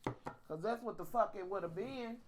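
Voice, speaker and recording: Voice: medium pitch, unhurried, background noise. A vlogger, ranting in a sassy, profane way straight to the viewers in a casual storytime. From Kentucky.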